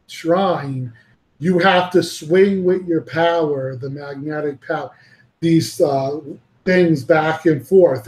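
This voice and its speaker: A man hosts a loose panel chat in a slightly high voice, rambling and cursing freely. His voice bounces around an echoey room. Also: a little mellow. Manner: rambling and profane, laughing easily. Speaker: podcast host.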